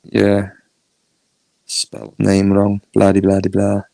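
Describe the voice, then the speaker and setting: A Northern English man on a live stream, his low voice gravelly and fried at the edges. He talks loosely and laughs a lot, answering chat as he goes, and the sound is close and dry. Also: monotone, takes it slowly, dark tone, dry recording. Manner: chatty, laughs often, reads chat aloud. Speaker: YouTube streamer.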